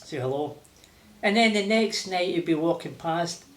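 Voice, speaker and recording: An older man with a Glaswegian accent, telling lively stories with laughter as an interview guest. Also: fairly high pitch, normal speed. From Scotland. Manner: animated, laughing, acting out voices. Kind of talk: casual storytelling. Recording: roomy echo.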